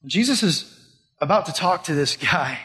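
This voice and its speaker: Young male pastor, high-pitched, casual preaching style, long reverb of a hall. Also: animated, normal speed, sharp tone. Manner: casual, conversational preaching with rhetorical questions. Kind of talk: sermon.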